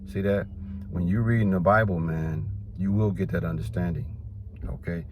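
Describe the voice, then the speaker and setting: A man with a very low voice gives an informal Bible teaching. He reads scripture verses aloud and then explains them in plain words. His talk is loose and conversational, dotted with "man" and "you know". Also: moderate pace, highs cut off, background noise. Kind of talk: casual preaching to camera.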